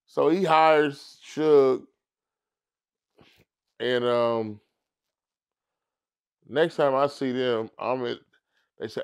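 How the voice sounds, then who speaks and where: A man's voice: slow pace, vocal fry, pauses often. A middle-aged man, a comedian, telling a story casually in an interview and acting out the other people in it. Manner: animated storyteller who acts out others in high squeaky voices. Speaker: comedian guest.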